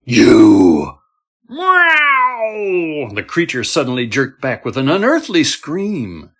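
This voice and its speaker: A man reading a horror story aloud in a steady, measured storytelling manner. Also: mid-range voice, husky. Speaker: story narrator. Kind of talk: scripted horror narration.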